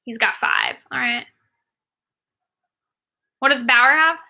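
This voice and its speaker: A woman in her thirties chats loosely through viewer questions, filling pauses with ums and likes. Her voice is strikingly bright, with a gravelly fry running through it, and sits a little high. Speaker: sports agent. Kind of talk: casual Q&A while watching a game.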